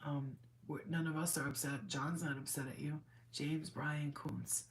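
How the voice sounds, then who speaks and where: A woman's voice: low voice, little pitch movement, a little slow, a little hiss or hum. A woman medium giving a live channeled reading, rambling and emotional as she speaks to a spirit and to her client.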